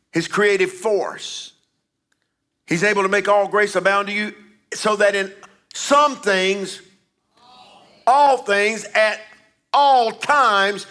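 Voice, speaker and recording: An older pastor preaching with a high, bright voice. He swings between emphatic declarations and hushed, confiding storytelling. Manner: emphatic preaching with sudden drops to a low confiding voice. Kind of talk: sermon.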